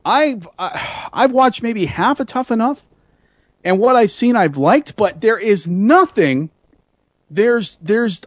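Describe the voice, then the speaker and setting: A man hosting an internet radio talk show, talking in an animated, rambling way with many restarts and self-mocking asides. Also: high-pitched, slow pace, no room sound, studio quality. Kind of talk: casual radio chat.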